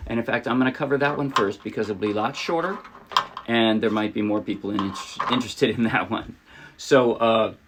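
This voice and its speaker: A man's voice: lowish voice, brisk, heavy background noise. A man giving a casual ukulele lesson, chatty and a little self-deprecating, demonstrating as he talks. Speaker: ukulele teacher. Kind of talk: casual tutorial talk. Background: ukulele playing.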